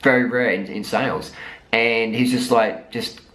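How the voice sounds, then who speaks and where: A man's voice: medium pitch, fairly even intonation, a little slow, a bit bright, rough recording. An Australian man in his thirties, talking to camera in a blunt, profane, emphatic motivational rant mixed with storytelling. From South Australia. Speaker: vlogger.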